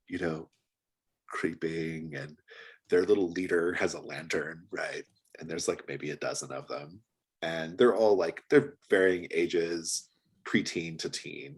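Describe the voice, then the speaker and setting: A man with a low, husky voice acts as game master narrating a tabletop role-playing game. He is relaxed and chatty, laughing often and using lots of fillers.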